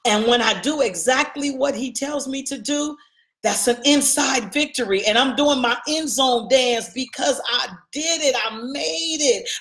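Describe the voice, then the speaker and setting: A woman with a high voice preaching a sermon. She hammers on repeated phrases in an emphatic call-and-response style. The room rings with echo around her. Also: a little slow, fairly bright tone. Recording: echoey room.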